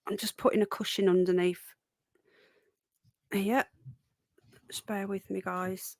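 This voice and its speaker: A woman's voice: mid-range voice, no echo. A woman hosting a casual livestream, chatting and greeting viewers by name with a runny nose, a bit unwell. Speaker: livestream host. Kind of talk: casual live chat.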